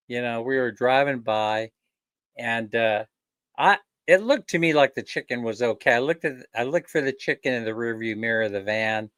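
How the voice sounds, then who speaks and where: A man's voice: medium pitch, a bit bright, clean tone, dry recording. A man hosting a casual live stream, rambling and joking, chuckling often. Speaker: livestream host.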